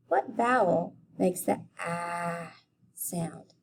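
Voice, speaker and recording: A woman teaching a phonics lesson to young children, deliberately sounding out letters and syllables. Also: mid-range voice, sing-song, a little mellow, a little hiss or hum. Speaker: elementary school teacher.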